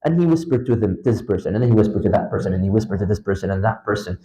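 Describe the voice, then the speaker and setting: A man teaching a religious lecture to a class in a mosque, talking to listeners directly and telling lively examples with big swings in his voice. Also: very fast, poor audio. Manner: animated, emphatic storytelling with wide pitch swings; conversational, addresses listeners directly. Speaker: Islamic lecturer. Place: mosque lecture hall, indoors.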